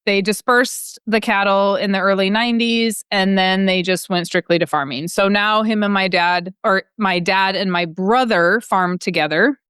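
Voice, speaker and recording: A woman from the American Midwest talking in an animated, loud and emphatic way, as podcast host and interview guest. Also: mid-range voice, moderate pace, few pauses, clear, resonant tone, dry recording, studio quality.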